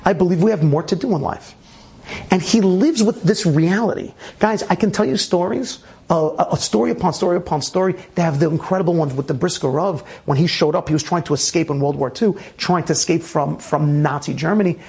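A man telling a story casually, animated, with frequent restarts and laughter. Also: a little high, fairly quick, creaky.

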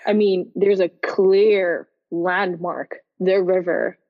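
A woman's voice: fairly low pitch, steady tone, slow, no echo. A woman from Dublin hosting a casual conversation and speaking in a reflective, earnest way. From Dublin, Ireland. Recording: dry, slightly dull recording.

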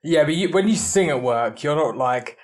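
A man's voice: fairly high pitch, expressive, moderate pace. A man with an English accent co-hosting a podcast, talking in a dry, teasing way with frequent restarts. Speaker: podcast co-host. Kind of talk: casual chat.

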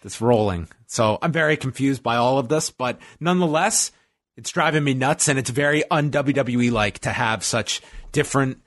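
Recapping a wrestling show with his podcast partner, a man speaks at medium pitch with a slightly bright tone. The chat is casual and rambling, stop-start and heavy on fillers.

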